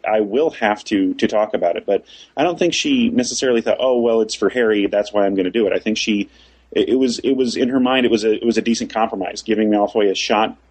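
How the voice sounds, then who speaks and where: Low husky guy thinking it through out loud, lots of restarts. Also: low-quality recording. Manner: thoughtful, repeats and restarts phrases. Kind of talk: casual discussion of a story.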